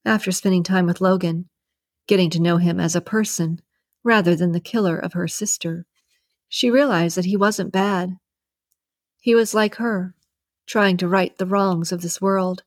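Low-voiced woman narrating a novel. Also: no room sound, studio quality. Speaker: audiobook narrator. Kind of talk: scripted narration.

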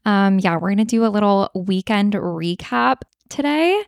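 A woman's voice: mid-range voice, moderate pace, no room sound, clean studio sound. A woman in her twenties, a podcast co-host, telling a story in casual chat, full of "like"s and laughs. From Sacramento area. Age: 20s. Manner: animated storyteller, laughs often, many "like"s.

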